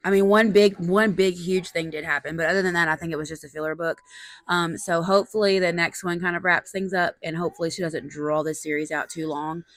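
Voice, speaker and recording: Young woman, casual book-vlog chat, slightly low pitch, dry sound. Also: steady tone, a little fast, a bit bright, no room sound. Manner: chatty, lots of "like" and "um". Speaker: book vlogger. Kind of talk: casual reading-update vlog.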